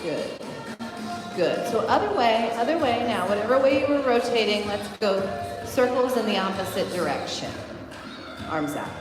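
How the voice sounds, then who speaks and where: A woman leads an online belly dance class from a big, echoing studio with long reverb, calling out counts and moves while demonstrating. Her voice is a little high and animated, at a moderate pace, with music playing behind her.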